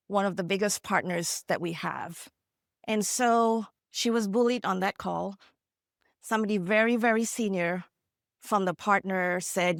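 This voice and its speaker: A woman from India delivers a motivational keynote, speaking earnestly and conversationally as she tells stories and checks in with the audience. Her voice sits at an ordinary middle pitch. The sound is dry and close, with no room echo. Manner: earnest, conversational, frequent "you know" and "right?".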